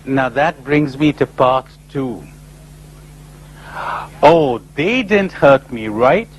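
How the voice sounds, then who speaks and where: A man giving a lively spiritual conference talk, full of rhetorical questions and acted-out voices, on an old tape recording. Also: mid-range voice, slow pace, a little hiss or hum, low-quality recording. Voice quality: animated, rhetorical, acting out imagined voices. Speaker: speaker at a spiritual retreat conference.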